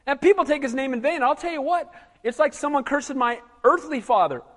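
High-voiced animated preacher in a hall. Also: male voice, brisk. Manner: animated, conversational preaching with frequent "Amen?" calls. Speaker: pastor. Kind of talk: sermon.

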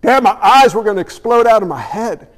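A man acting out a frightened five-year-old boy, yelling and whining in a high voice. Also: lively intonation, brisk, long reverb tail. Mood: whiny. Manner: high-pitched shouting, whiny. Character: panicked little boy yelling for mom.

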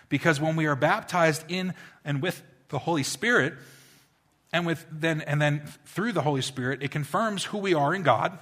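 A man delivering a sermon in a bright, somewhat high voice. He poses rhetorical questions to the congregation and builds into passionate emphasis as he preaches. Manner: impassioned preaching with rising intensity and rhetorical questions. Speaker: pastor.

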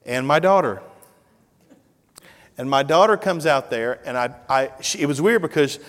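A middle-aged man preaching a sermon, telling a family story with lively acted-out dialogue before turning to earnest exhortation. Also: mid-range voice, normal speed. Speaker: pastor. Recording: long reverb of a large hall.

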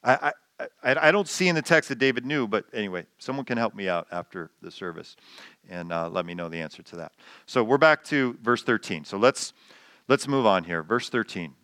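A man preaching a sermon. He reads scripture aloud and acts out the characters' shouting with animated delivery. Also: fairly low pitch, brisk, no echo. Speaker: pastor.

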